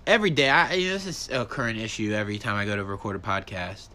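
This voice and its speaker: A male solo podcast host rants casually and profanely, his bright, forceful voice making big animated leaps in pitch. He talks fast.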